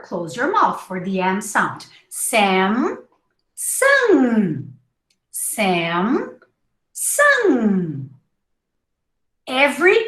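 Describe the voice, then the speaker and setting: A woman teaching English pronunciation in a live online class, slowly modeling each word and repeating it. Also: fairly high pitch, a bit bright, reverberant, low-quality recording. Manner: slow, drawn-out modeling of words with repetition.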